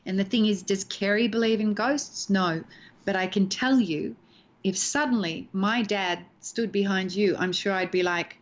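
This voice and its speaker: A woman's voice: medium pitch, moderate pace. A woman in her sixties, an actress, being interviewed over a video call from home and talking expressively about acting, acting out lines as she explains. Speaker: actress and guest. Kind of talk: animated interview talk.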